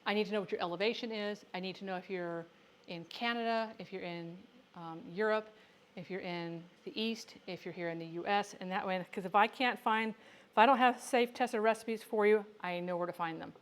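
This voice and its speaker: A woman's voice: medium pitch, a little fast. Chatty woman hosting a canning livestream. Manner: chatty, answers viewer questions, talks to herself while working. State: has the hiccups. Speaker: livestream host teaching home canning. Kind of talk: casual livestream cooking chat.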